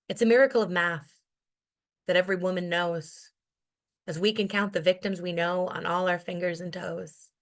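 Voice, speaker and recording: A woman's voice: medium pitch, a bit bright. A woman performing her spoken-word poetry as the featured poet at an open mic, in a rhythmic, rhyming, intense delivery. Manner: wry, self-deprecating asides between poems.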